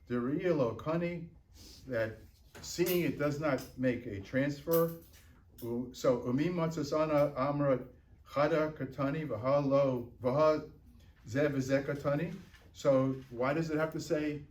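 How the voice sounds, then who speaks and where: A man's voice: medium pitch, darkish tone. A man teaching a text to a class, often checking in with "right?" and "okay?" and repeating words as he thinks aloud. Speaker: Talmud teacher. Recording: roomy, picked up from a distance.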